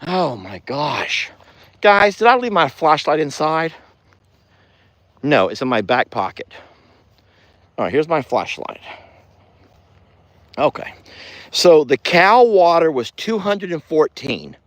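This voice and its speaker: A man's voice: fairly high pitch, big pitch swings, takes it slowly, long pauses, fairly bright tone, no room sound. A man with a Southern US accent, chatting folksily to viewers in a casual outdoor ranch vlog. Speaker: ranch vlogger. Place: outdoors on a farm pasture.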